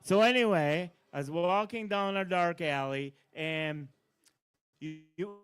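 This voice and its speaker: A man doing live stand-up at an open mic, bossing an audience volunteer around with playful, deadpan asides. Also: sits high, slow pace, clean tone. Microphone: handheld stage mic.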